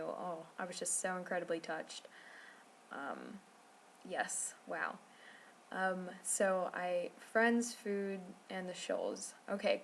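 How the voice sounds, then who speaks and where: A woman's voice: medium pitch, a little hiss or hum. A woman telling a rambling travel story to camera, full of fillers and restarts. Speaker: vlogger.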